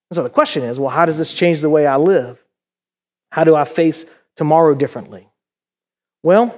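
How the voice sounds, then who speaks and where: A man's voice: on the high side, normal speed, long pauses, a little mellow. A middle-aged male pastor preaching a conversational sermon in a church, full of rhetorical questions.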